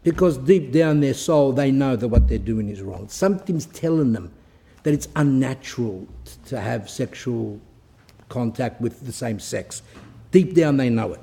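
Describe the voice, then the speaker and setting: A man giving a blunt, moralizing Orthodox Christian talk, slowing down to read passages aloud. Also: mid-range voice, lively intonation, gravelly, dark tone. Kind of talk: recorded moral talk, reading and commenting on a text.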